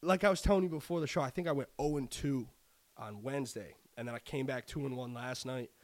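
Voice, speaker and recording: A young man co-hosting a podcast, chatting casually about sports betting, swearing often and rambling with excitement. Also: medium pitch, fast. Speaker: podcast co-host.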